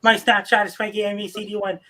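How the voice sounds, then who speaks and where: Flat, fast-talking weather guy. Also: high voice. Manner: flat, terse, list-like delivery. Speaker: weather reporter guest. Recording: noisy line with clicks.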